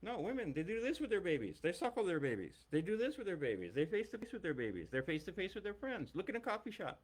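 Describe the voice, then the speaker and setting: A man's voice: high voice, very animated, quick pace. A middle-aged man and longtime teacher giving a blunt, emphatic, profane ranting monologue.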